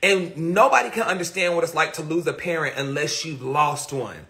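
A man's voice: on the high side, normal speed, bright, forceful tone. A man chatting casually on a phone livestream, answering viewer comments in a rambling, profane and emphatic way.

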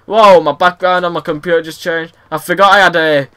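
A young man giving rambling, excitable commentary over his own gameplay and shouting at the game. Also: high-pitched, fairly quick, clear, resonant tone. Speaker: gaming video host.

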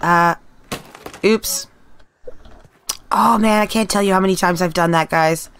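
A woman's voice: lowish voice, measured pace, fairly bright tone, slight background noise. A middle-aged woman with a Canadian accent, chatting casually with viewers while she streams a video game. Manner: rambling, chatty, talks to chat viewers. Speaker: let's play streamer. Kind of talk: casual live-stream gameplay chat.

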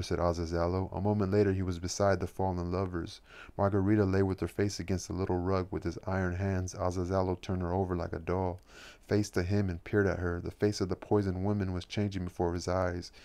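A man reading a novel aloud as an audiobook narrator, at a measured, steady pace. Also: low voice. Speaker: audiobook reader.

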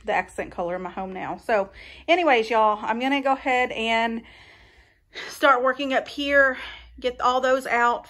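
This is a chatty young woman with a drawl who vlogs from inside her own home. She speaks a little high and calls her viewers y'all. She talks through her makeover plans in a folksy, easygoing way. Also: a bit bright. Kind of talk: casual chat to camera.

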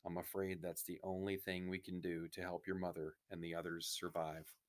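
A man voicing a businesslike male resistance leader, speaking quietly and in a measured way. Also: low-pitched, little pitch movement, lightly acted. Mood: regretful.

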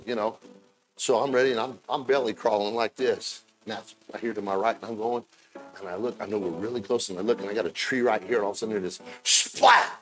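A man in his fifties preaching a sermon, moving between low, chatty storytelling and loud, shouted preaching. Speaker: pastor.

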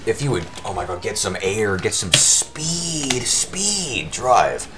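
A man giving live commentary over his own speedrun, his voice worn from shouting, talking at the game in exasperated outbursts. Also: on the low side, sing-song, takes it slowly, very noisy.

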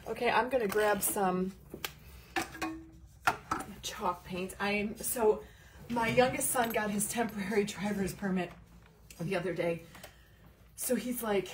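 A woman's voice: mid-range voice, a little slow, pauses often, distant mic. A middle-aged woman chats through a crafting livestream, greeting viewers by name and wandering into asides. Her voice sits a little off the mic with faint room noise behind it. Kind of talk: casual live crafting chat.

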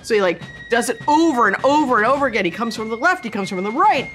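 A woman recounts a comic work story with a bouncing, animated delivery. She slips into quick impressions of the people she meets. Soft music plays faintly behind her. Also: a little high. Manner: lively, acts out quotes in voices. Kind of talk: comic personal anecdote.

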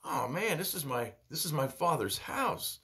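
A Bible teacher voicing an exasperated, grieving man who pleads with the people around him, his voice lifted higher than his usual talk. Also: very animated, a little slow, fairly bright tone, husky, heavily acted.

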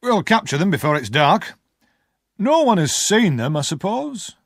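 A man playing a brisk army sergeant. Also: high voice, big pitch swings, no echo, clean studio sound, voice pushed up, full character voice. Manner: brisk, sharp.

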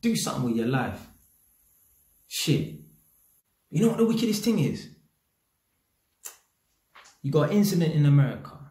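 A man's voice: on the high side, big pitch swings, normal speed, pauses often, mellow, roomy sound. A man with a London accent giving a blunt, slang-heavy opinion rant straight to his audience, swearing freely. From England. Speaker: YouTube commentator.

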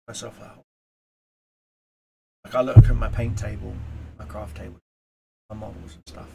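A man talking straight to camera in a casual motivational vlog, earnest and rambling, moving from quiet reflection to emphatic urging. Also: fairly low pitch, flat delivery, a little fast, vocal fry, over loud music. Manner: earnest, rambling, with fillers and repeats. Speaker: YouTuber.

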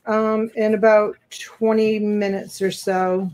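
A woman co-hosting a live sale talks in a relaxed, offhand way and thanks viewers for joining. Her pitch sits in the middle for a woman. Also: takes it slowly. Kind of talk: casual conversation.

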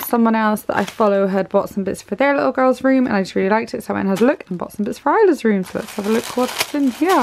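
A young woman from the UK chatting warmly about parcels in a casual home vlog, gushing over each item. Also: a little high, creaky. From United Kingdom. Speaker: parenting vlogger. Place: home, indoors.

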